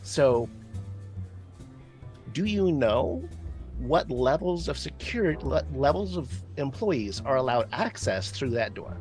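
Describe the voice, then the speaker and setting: A man voicing a smooth, officious male safety inspector who talks in a formal, bureaucratic way, with faint music behind. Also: medium pitch, big pitch swings, takes it slowly, a little mellow.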